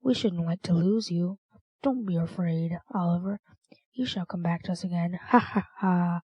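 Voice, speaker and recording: A woman's voice: lowish voice, moderate pace, mellow, slightly rough, no echo, highs cut off. A woman voicing a sly, cunning old male thief in an audiobook, coaxing and teasing, then dropping into grim warnings. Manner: bantering, coaxing, with sudden warnings.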